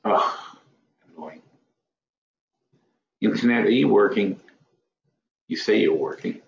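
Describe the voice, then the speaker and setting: Guy running a trading webinar, lowish voice, talks to himself a lot, echoey dull audio. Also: slow pace, gravelly. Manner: mutters to himself and scolds his software; rambling, self-correcting. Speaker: webinar host. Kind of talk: live trading webinar, thinking aloud.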